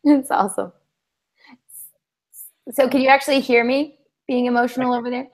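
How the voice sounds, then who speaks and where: A woman hosting a coaching-style conversation, speaking in a meandering, reflective, gently affirming way. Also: high-pitched, level tone, moderate pace. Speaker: host.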